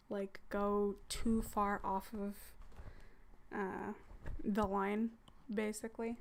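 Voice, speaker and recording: A woman hosting a casual livestream chat as a hypnosis content creator, soft and teasing, often dropping into a whisper. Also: mid-range voice, level tone, slow.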